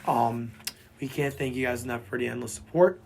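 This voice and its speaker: A man co-hosting a casual sports podcast who has lost his voice and sounds hoarse and boyish, rambling and repeating himself as he talks sports. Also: mid-range voice, brisk, a little mellow, slight background noise. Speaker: podcast co-host.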